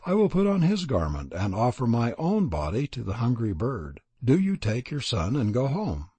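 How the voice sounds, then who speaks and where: A man reading a storybook, voicing a compassionate young fairy prince who speaks gently and earnestly, with a husky voice. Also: medium pitch, wildly swooping pitch, moderate pace, dry recording. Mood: gentle.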